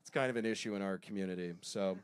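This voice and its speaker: Self-mocking male stand-up comic. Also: low-pitched. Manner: self-deprecating storytelling with quick asides. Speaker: stand-up comedian. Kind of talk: stand-up set.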